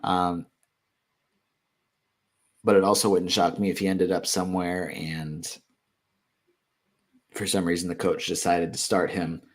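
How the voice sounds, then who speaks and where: In a casual live Q&A, a deep-voiced fantasy basketball analyst works through viewer questions with a flat delivery. He reasons out loud, peppering his speech with ums and frequent self-corrections and restarts.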